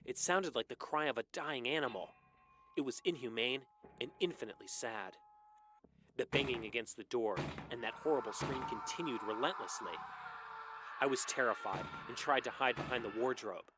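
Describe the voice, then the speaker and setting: A man's voice: mid-range voice, moderate pace, noisy background. A man narrating a scripted horror story with dramatic delivery.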